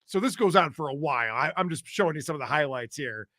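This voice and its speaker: Male host, high bright voice, sarcastic casual commentary, dry sound. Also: lively intonation, quick pace, dry recording. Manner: joking, sarcastic narration. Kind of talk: casual commentary on police videos.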